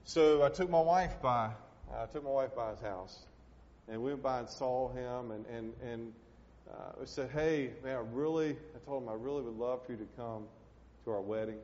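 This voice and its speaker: In a church sanctuary, a pastor preaches in a folksy, heartfelt manner, peppering his words with "man" and "hey" as he works up to urgent pleas. His ordinary-pitched voice carries the long reverb of the hall, over dull, lo-fi audio with a faint rumble. He speaks at a moderate pace with a slightly mellow tone.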